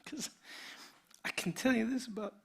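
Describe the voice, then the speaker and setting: A man, a pastor, preaching a sermon in a conversational way, sometimes dropping to a near whisper and sometimes building to an animated retelling. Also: very high-pitched, moderate pace, vocal fry, a little hiss or hum. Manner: shifts between quiet intimate passages and energetic animated retelling; conversational, with restarts and filler words.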